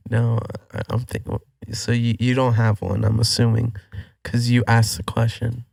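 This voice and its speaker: Flat-voiced joking man in casual chat. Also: mid-range voice, normal speed, vocal fry, dry recording, clean studio sound. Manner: joking, even-toned. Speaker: podcast guest.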